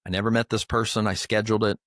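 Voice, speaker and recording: A man's voice: lowish voice, level tone, rapid-fire, fairly bright tone, no room sound, studio quality. An older man co-hosting a podcast, telling a personal faith story in an earnest, emotional way. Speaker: podcast co-host. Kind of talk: heartfelt storytelling chat.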